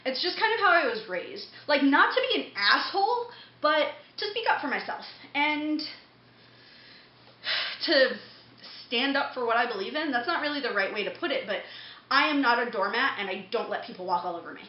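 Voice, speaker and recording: A young woman vlogging, telling a story in a blunt, profane, quick-tempered way. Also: high voice, expressive. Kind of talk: casual storytelling to camera. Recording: dull echoey room recording with faint hum.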